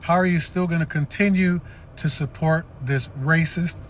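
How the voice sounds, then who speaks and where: A man speaking to the camera in a measured, disappointed tone, asking viewers for their opinions. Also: on the high side, slight background noise. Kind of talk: commentary video addressing viewers.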